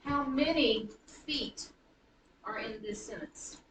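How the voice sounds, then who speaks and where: A woman teaching a high school writing class, chatty and self-correcting as she taps out rhythms aloud. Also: slow pace, a bit bright. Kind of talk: classroom lecture. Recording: roomy classroom from a distance, faint noise.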